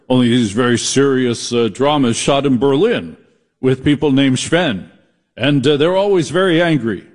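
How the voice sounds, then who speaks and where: A man's voice: mid-range voice, darkish tone. A man hosting a talk radio show, riffing sarcastically in a comedic monologue. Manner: riffing, sarcastic, puts on mocking voices.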